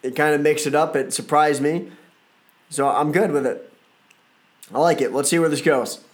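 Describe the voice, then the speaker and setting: A man with a somewhat high voice runs his own reaction show, talking casually and loosely. His throat is a little froggy and hoarse, and he tosses in playful asides as he goes. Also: normal speed. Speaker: podcast host. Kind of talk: casual wrestling reaction talk.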